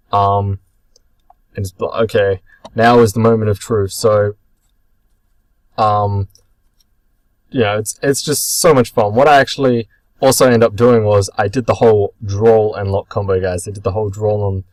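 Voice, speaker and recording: A man's voice: fairly low pitch, darkish tone, no room sound, rough recording. Chatty young man rambling through a card match. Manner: chatty, rambling, self-correcting with many ums. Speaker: card game vlogger. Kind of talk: casual commentary over match footage.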